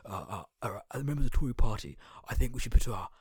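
A man's voice: medium pitch, quick pace, a little mellow, slightly rough, no echo, clean studio sound, voice pushed up. A man putting on a pompous, mock-sinister voice for a scheming male Tory politician. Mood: smug.

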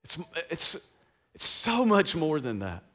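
A man's voice: on the high side, wildly swooping pitch, slow pace, fairly bright tone. A male pastor from East Tennessee, preaching an Easter sermon with passion and call-and-response. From East Tennessee, USA.

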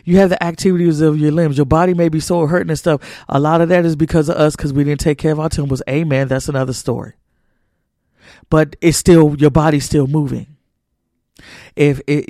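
A man's voice: a little high, a little mellow, no echo, clean studio sound. A man hosting a faith talk, exhorting listeners with repeated, sermon-like phrasing. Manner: exhorting, repetitive, folksy Southern-church phrasing. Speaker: podcast host. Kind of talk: preachy motivational talk.

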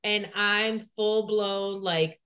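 A podcast co-host with a mid-range, slightly bright voice keeps a steady tone and draws out her words. She meanders through a personal tale, swearing and saying "like" over and over.

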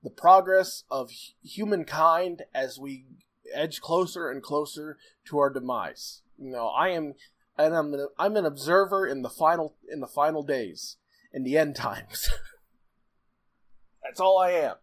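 A man's voice: fairly high pitch, measured pace, fairly bright tone. A man co-hosting a casual podcast, swearing freely, laughing often and acting out characters' lines as he recaps a show.

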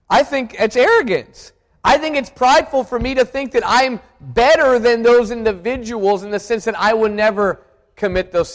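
High-voiced man preaching in a reverberant hall. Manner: earnest, reflective, with frequent restarts and repeated words. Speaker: pastor. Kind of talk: sermon.

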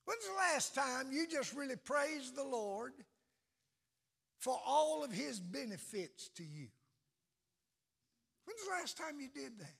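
A man preaching a sermon, shouting and chanting phrases in a slow, drawn-out, impassioned way. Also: very high-pitched, very animated, vocal fry, husky. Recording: echoey hall.

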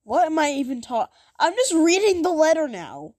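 A woman's voice: high-pitched, sing-song, normal speed, darkish tone, dry recording, studio quality, soft background music. A woman hosting a podcast in a casual, self-mocking, rambling way. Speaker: podcast host.

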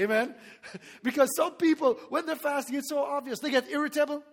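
A man preaching a sermon as pastor, animated, laughing often and calling for responses from the congregation. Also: extremely high pitch, fairly quick, long reverb tail.

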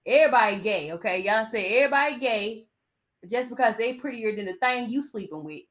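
A young woman hosting her own podcast, talking in a casual solo monologue with a soft, low-key delivery and blunt, opinionated, slangy asides. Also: expressive, brisk. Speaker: podcast host.

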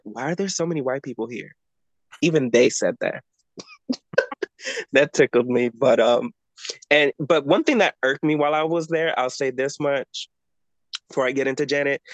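A man's voice: medium pitch, moderate pace, no room sound. A man co-hosting a casual pop culture podcast, telling stories in a sassy, playful way full of slang. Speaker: podcast co-host.

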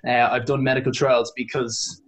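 Rambling, animated male podcast guest. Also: mid-range voice, moderate pace. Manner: animated, rambling, self-correcting, lots of "like". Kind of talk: casual storytelling.

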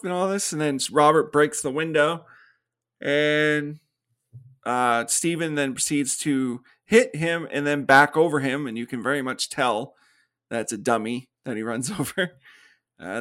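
A podcast co-host casually reviews a film, retelling its plot with the characters' lines acted out and plenty of laughter. He has a mid-range, fairly bright voice and a measured pace.

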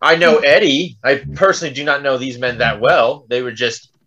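A man's voice: mid-range voice, fairly even intonation, normal speed, a bit bright, lo-fi sound. A man playing a tabletop role-playing game, speaking formally and haughtily in character. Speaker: player. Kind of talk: tabletop role-play banter.

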